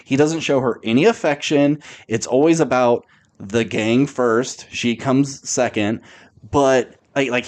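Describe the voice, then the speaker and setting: A man hosting a podcast, chatting casually and bluntly about movies, rambling with frequent restarts. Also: medium pitch. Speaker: podcast host. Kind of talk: casual movie review chat.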